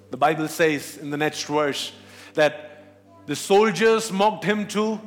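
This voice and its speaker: A man's voice: high voice, fairly bright tone. A man preaching a sermon as pastor, asking questions of the congregation. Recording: long hall reverb.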